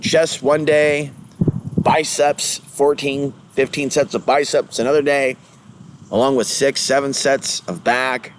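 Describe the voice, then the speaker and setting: A man's voice: mid-range voice, steady tone, takes it slowly, background noise. A man rambling through a casual vlog monologue, jumping between topics with mocking sing-song asides. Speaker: vlogger.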